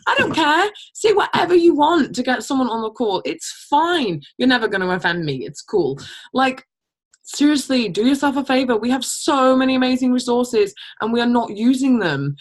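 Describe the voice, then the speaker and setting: A woman leads a team training call. She talks bluntly and casually, swears now and then, and acts out sample messages in a higher voice. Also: big pitch swings, moderate pace. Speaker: team leader. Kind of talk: team training call, motivational pep talk.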